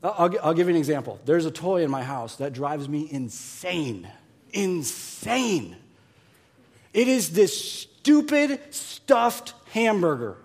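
A man preaching a sermon as pastor, emphatic and repetitive, dropping to a hush and then rising loud. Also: fairly high pitch, very animated, slow. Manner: emphatic, repeats words, swings from hushed to loud.

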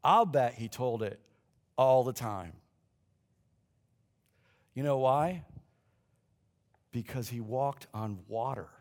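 A man preaching a sermon as a pastor, telling the story lively and acting out the lines people say. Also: medium pitch, slow, long pauses. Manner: animated storyteller who acts out quoted lines. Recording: long hall reverb.

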